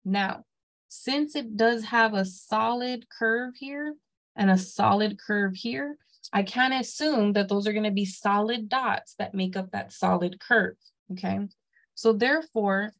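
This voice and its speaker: A woman's voice: medium pitch, rough recording. Woman teaching a math class, checking in often. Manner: explains step by step, checks in with "okay?". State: has the hiccups. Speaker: math instructor. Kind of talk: classroom lecture.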